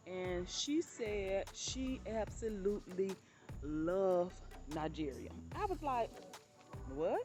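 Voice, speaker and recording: A woman vlogger telling stories in a casual, chatty way, often calling her listeners "honey" and playing up quoted exclamations. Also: on the low side. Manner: acts out quoted exclamations with laughter. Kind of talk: casual storytelling.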